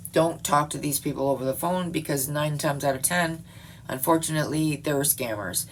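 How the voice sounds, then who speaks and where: A woman's voice: low-pitched, slight background noise. A middle-aged woman talking to her viewers in a rambling late-night monologue, swearing and laughing often. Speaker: vlogger.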